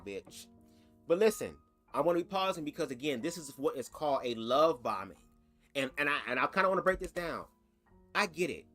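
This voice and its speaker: A man's voice: mid-range voice, fairly bright tone. A man hosting a reaction commentary vlog, talking in a chatty, sassy and profane way. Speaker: commentary host.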